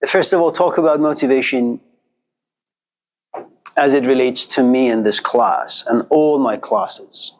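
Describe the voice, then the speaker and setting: A middle-aged man giving an informal philosophy lecture in a classroom, telling stories and acting out quoted voices in a conversational way. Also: medium pitch.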